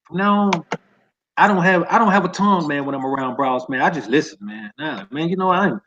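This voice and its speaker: Casting: slightly high-voiced man, relaxed guest, lo-fi muffled call audio. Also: brisk. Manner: laid-back, ends phrases with "man". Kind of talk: casual chat.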